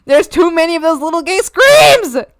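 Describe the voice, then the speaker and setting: A woman's voice: very high-pitched, big pitch swings, fast. A young woman streaming, chatting casually and thanking viewers, playful and giggly as she teases her chat with mock scolding. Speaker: art streamer.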